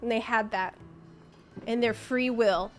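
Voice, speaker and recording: A woman's voice: fairly high pitch, steady tone, a little slow, faint music behind. A woman streamer ranting to her chat, impassioned, exasperated and sarcastic by turns. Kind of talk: live-stream rant to chat.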